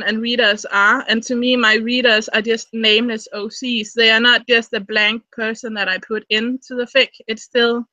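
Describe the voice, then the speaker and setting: A woman in her thirties talks casually as co-host of a live stream. Her voice is bright and sits a little high. The sound is dry, with no room echo, and she often repeats a word as she gets going. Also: highs cut off. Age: 30s. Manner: chatty, repeats words when starting thoughts.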